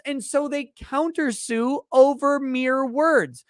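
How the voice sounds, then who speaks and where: A man's voice: extremely high pitch, unhurried, hardly any pauses, fairly bright tone, no echo, studio quality. A man hosting a legal commentary livestream who rants in a heated, profane way. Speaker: legal commentary show host.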